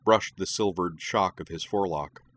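A man narrating fiction in a steady, even storytelling manner. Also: low-pitched, moderate pace. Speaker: audiobook narrator.

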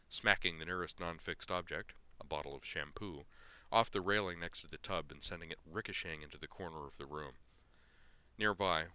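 A man reading a story aloud with a very deep voice and a bright, forceful edge. His narration is measured and expressive. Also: dry recording.

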